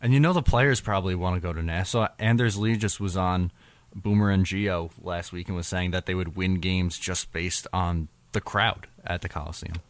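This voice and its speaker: Blunt, teasing male co-host from Long Island, deeper voice, dry close sound. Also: steady tone, moderate pace, dry recording. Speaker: podcast co-host. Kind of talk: casual sports talk.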